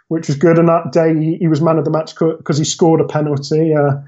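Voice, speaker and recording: Rambling storyteller man, slightly high voice. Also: flat delivery, brisk, warm tone, highs cut off. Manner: rambling, self-correcting storyteller. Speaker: podcast guest. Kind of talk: casual storytelling chat.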